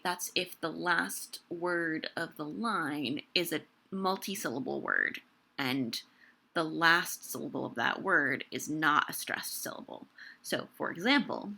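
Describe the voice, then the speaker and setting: A woman's voice: on the low side, vocal fry, sharp tone. A woman giving a casual lesson on verse meter, chatty with many fillers, reading lines aloud and tapping out the stressed beats. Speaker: educator explaining verse meter.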